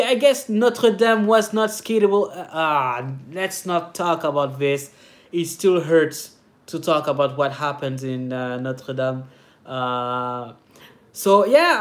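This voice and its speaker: A native French speaker with a French accent, hosting a casual livestream as a skater, chatting and reading comments with many hesitant filler sounds. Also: medium pitch. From France. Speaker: livestream host, slalom skater. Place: home in Paris.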